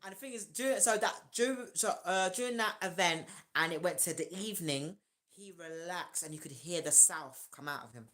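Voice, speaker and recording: A woman from South London with a South London accent, a guest comedian telling loud, animated stories in a casual podcast chat. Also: lowish voice, moderate pace. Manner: loud, animated storytelling with acted-out dialogue.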